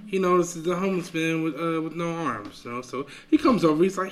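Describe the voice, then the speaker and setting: A man's voice: fairly high pitch, animated, fast, hardly any pauses. A man telling a joke among friends, rambling with lots of fillers. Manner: rambling, many fillers like you know. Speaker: joke teller.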